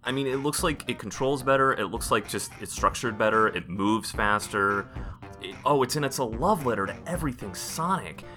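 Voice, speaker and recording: A man co-hosting a podcast in casual chat, excitable and rambling, restarting his sentences often. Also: medium pitch, moderate pace, soft background music. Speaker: podcast co-host.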